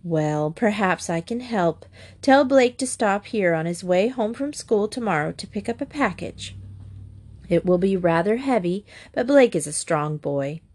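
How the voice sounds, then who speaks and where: A woman reading aloud, voicing a cheery, kindly older woman who speaks calmly. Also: mid-range voice, unhurried. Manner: cheery, calm.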